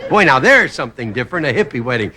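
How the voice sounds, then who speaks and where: A man's voice: medium pitch, big pitch swings, quick pace, over a noisy crowd. A man hosting a comedy show, delivering a rambling stand-up monologue and chuckling at his own jokes. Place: TV studio stage. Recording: 1960s TV broadcast with live studio audience laughter and noise.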